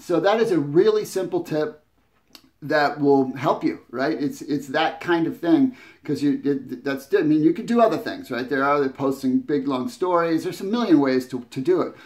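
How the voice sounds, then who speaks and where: A man's voice: on the high side, a little mellow. A man giving casual advice to camera as a business coach, talking conversationally with many restarts and tag questions. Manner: conversational, often adds "right?"; restarts and repeats words.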